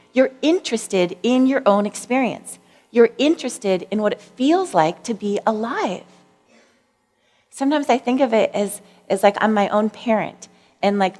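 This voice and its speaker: A woman giving a gentle, laughing talk about mindfulness. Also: on the high side. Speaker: speaker. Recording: long hall reverb.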